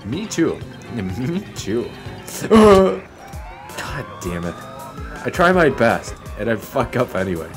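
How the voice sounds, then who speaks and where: A man's voice: mid-range voice, big pitch swings, moderate pace, soft background music. A young man giving casual, profane, joking commentary while he plays a video game. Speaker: gameplay streamer.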